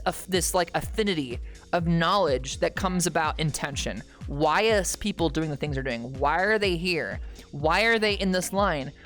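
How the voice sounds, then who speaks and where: Rambling storyteller woman with faint music. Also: lowish voice. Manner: rambling, animated storytelling with frequent "okay?" asides; bursts into loud shouting at punchlines. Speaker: streamer. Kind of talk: storytelling stream chat.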